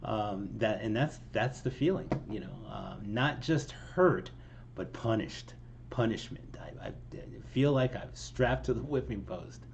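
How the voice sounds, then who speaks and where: A songwriter with a lowish, animated voice and some vocal fry talks a little slowly through his own song line by line, casual and rambling. He mocks himself, laughs now and then, and fills the talk with ums and restarts over slight background noise.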